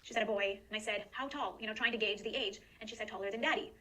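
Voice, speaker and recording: A woman's voice: medium pitch, fast, bright, forceful tone, low-quality recording. A mother giving an earnest, emotional personal statement about her family. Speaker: guest in a recorded statement. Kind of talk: personal testimony.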